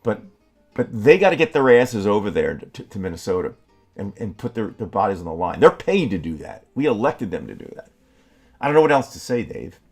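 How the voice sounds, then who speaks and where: Podcast co-host, male, low-voiced, heated and stumbling, swears freely. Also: very animated, a little mellow, husky, faint music behind. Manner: heated, halting with many restarts, swearing. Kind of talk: angry political talk.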